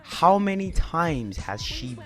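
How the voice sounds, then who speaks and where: A man's voice: on the high side, sing-song, slow pace, soft background music. A young man ranting in a YouTube commentary video, swearing often and using lots of filler words.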